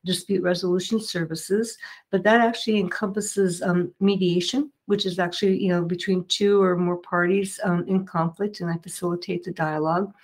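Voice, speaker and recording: Earnest woman guest, low voice. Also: fairly even intonation, normal speed. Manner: earnest, explanatory, many fillers and restarts. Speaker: mediator and guest. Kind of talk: interview answers.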